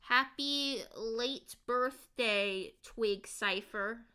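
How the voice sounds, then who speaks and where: Woman, streamer, casual livestream chat, fairly high voice, smooth and clear, filler-heavy. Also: extremely slow, pushed and bright. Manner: chatty, many ums and likes.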